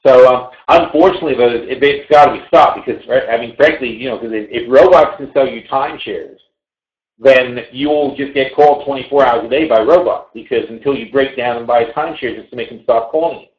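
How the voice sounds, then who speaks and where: A man hosts a trading webinar, chatting loosely and animatedly with frequent asides and casual curses. His voice sits at an ordinary middle pitch. The sound is roomy and a little dull, as if from a basic mic in an open room. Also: a little fast. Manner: animated, digressive, swears casually. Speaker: webinar host and trading educator. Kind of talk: casual live webinar talk.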